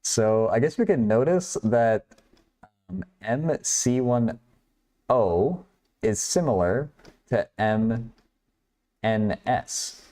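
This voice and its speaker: A man's voice: medium pitch, expressive, takes it slowly, pauses often, warm tone. A man hosting a math livestream, working through problems aloud while chatting with viewers and laughing often. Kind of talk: casual livestream problem-solving.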